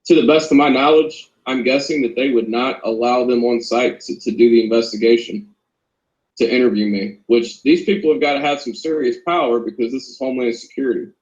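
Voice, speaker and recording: A man's voice: medium pitch, fairly even intonation, a little fast, darkish tone, roomy sound, lo-fi sound. A man, a former corrections officer, speaking as an interview guest, earnest and polite. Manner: earnest, polite, addresses host as ma'am. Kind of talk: interview over a call.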